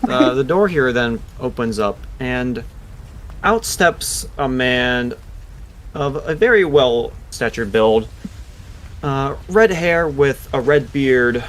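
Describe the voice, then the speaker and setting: A man runs a tabletop game as game master, narrating scenes at an unhurried pace with frequent fillers. His voice sits at a middle pitch. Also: lively intonation. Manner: slow descriptive narration with fillers.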